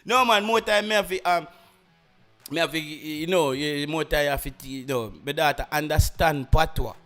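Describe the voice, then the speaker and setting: A man's voice: fairly high pitch, moderate pace, a bit bright, soft background music. A young Jamaican man with a country accent, chatting casually as a podcast host, rambling and switching between patois and English. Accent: Jamaican rural. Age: young adult. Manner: rambling, mixes patois and English, many restarts. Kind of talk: casual chat.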